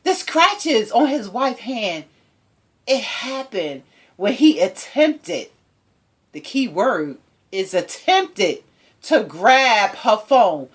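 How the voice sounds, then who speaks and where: A woman's voice: a little high, sing-song, drawn-out words. Sassy, emphatic woman commentator. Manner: sassy, emphatic, rhetorical questions to viewers. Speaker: commentary channel host. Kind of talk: opinionated commentary.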